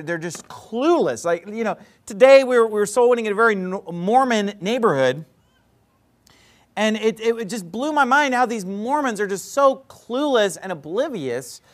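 A man preaching a sermon, plain-spoken and blunt, acting out both sides of a conversation as he tells a story. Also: high-pitched. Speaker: pastor.

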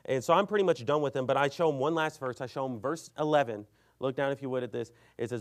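A man preaching a sermon, telling an argument story with lively acted-out quotes and reading scripture aloud. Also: mid-range voice, fast. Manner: animated storytelling, acts out both sides of an argument; reads scripture aloud in King James wording. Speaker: pastor.

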